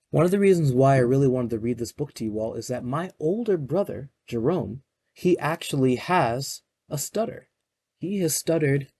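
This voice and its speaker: Gentle man reading to children. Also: fairly high pitch, husky, dry recording. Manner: gentle, pauses to explain pages to young listeners. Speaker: children's librarian. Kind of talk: reading a picture book aloud to children.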